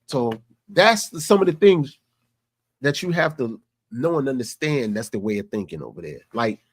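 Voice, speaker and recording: A man's voice: medium pitch, big pitch swings, moderate pace, husky, no echo, studio quality. A man vlogging, telling a story in a loose, conversational way. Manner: conversational, repeats "you know what I'm saying". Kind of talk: casual storytelling.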